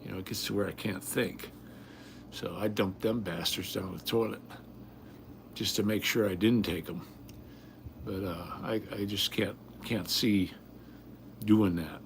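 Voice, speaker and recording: A man's voice: on the low side, steady tone, a little slow, pauses often, slight background noise. An older man hosting a casual livestream from home, talking bluntly and rambling, often repeating himself. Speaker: livestream host.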